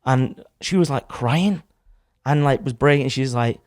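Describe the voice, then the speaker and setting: A man's voice: mid-range voice, a little slow, a little mellow, no room sound, studio quality. A young man, casually telling a rambling story in a podcast chat, with some swearing. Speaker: podcast guest. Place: studio. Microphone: studio microphone.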